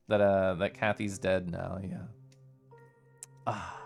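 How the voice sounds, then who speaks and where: A man's voice: deep voice, flat delivery, takes it slowly, vocal fry, pauses often, soft background music. A man streaming a story game live, reflecting on the plot and greeting chat in a chatty, thoughtful way.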